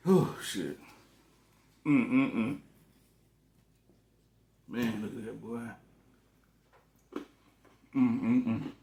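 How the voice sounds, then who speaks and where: A man's voice: medium pitch, extremely slow, gravelly, long pauses, dark tone, echoey room. A man eating on camera in a casual vlog, talking loosely with lots of cussing and joking between bites. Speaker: food vlogger.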